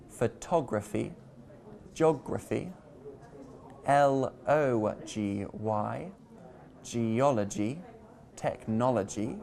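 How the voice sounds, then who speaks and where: A man teaching English pronunciation in a scripted lesson, playful and deliberate as he spells out words. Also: mid-range voice, vocal fry, a little mellow.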